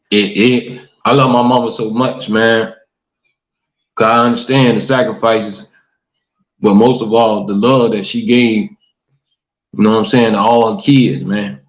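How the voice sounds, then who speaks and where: On a casual livestream talk show, a male host reads viewer comments and preaches to them earnestly, often dropping "man" and "y'all." His voice is fairly low, steady and unhurried. The livestream mic picks him up in an echoey room, and the stream audio sounds dull and lo-fi.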